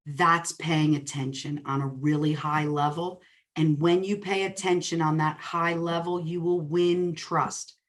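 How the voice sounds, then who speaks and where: Woman coaching, somewhat low voice. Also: a little slow. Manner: lively storyteller who acts out quoted dialogue. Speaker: real estate coach and speaker. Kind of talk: coaching talk with personal stories. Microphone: webinar recording.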